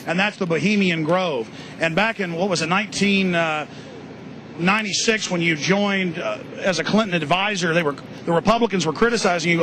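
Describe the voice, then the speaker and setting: Man, interviewer, archival clip, pointed questioning, high voice. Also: fairly quick, bright, forceful tone, low-quality recording.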